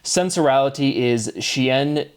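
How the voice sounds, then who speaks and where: A man's voice: medium pitch, clean tone. Man musing aloud over word patterns. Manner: musing, self-deprecating, wordplay-driven; drifts between quick asides and slow deliberate terms. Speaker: video creator. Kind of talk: rambling solo monologue.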